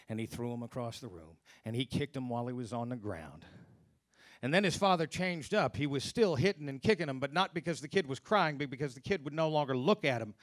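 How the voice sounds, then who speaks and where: A man telling a personal story on stage at a live storytelling event, earnest, sinking to hushed low tones at grim moments. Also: no room sound, clean studio sound.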